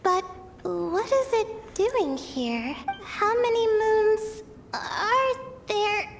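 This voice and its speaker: A woman voicing a shy, sleepy young scholar in a video game, soft-spoken and hesitant. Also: very high voice, lively intonation, drawn-out words, heavily acted. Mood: wary. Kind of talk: game voice acting.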